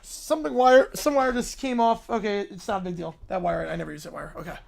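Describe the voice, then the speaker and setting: A man's voice: sits high, steady tone, fast, creaky, a little mellow. A man hosting a livestream, muttering casual asides to his chat. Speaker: livestream host.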